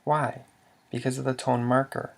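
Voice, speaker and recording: Gravelly-voiced man teaching a slide lesson. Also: medium pitch, flat delivery. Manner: measured, stops to restart words, asks then answers questions. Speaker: language teacher.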